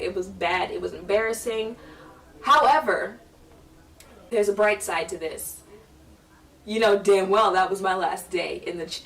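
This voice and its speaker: A young woman telling a funny personal story to the camera in a casual, animated way, acting out what people said to her. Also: medium pitch. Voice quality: animated, chatty, quotes people in playful voices. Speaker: vlogger. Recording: mic a little far off.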